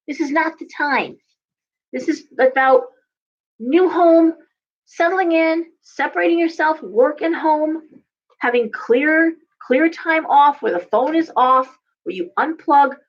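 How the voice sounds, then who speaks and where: A woman's voice: high voice, muffled recording. A woman giving a casual live tarot reading, chatty and coaching, often repeating herself. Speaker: tarot reader.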